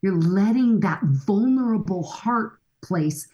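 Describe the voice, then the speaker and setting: A woman's voice: mid-range voice, animated, slow pace, warm tone, highs cut off. A middle-aged woman speaking as a guest expert in a podcast conversation, earnest and coaching, often acting out bits of dialogue.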